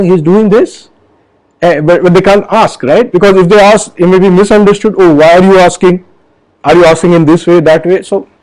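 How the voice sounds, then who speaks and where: Earnest man explaining with a high voice. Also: darkish tone, poor audio. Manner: earnest, explanatory, many fillers and restarts. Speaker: health forum host. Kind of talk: casual video talk to camera.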